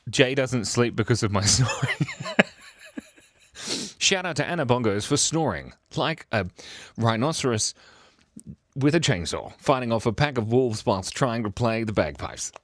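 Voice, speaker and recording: A man's voice: mid-range voice, animated, a little slow, long pauses, fairly bright tone, no echo. Playful man hosting a livestream. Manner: playful, silly, giggly. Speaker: livestream host. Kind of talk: casual livestream chat.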